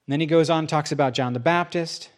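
A man preaching a sermon as pastor, telling stories in a lively way and jumping into other people's voices. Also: quick pace. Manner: lively storytelling, jumps into high voices for quotes.

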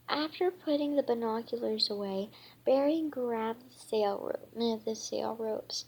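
A woman's voice: a little high, measured pace, darkish tone, husky, rough recording. A woman reading a children's book aloud, stumbling and restarting often. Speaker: reader.

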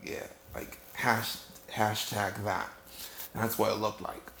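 A tired man spins a comic tale in a very gravelly voice, stumbling over his words and circling back. His voice rings around a bare room with faint hiss underneath. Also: lowish voice, flat delivery, a bit bright. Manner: rambling and halting, full of fillers and restarts. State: tired and yawning. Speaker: comedic storyteller. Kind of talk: improvised comedic monologue. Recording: echoey room with faint noise.

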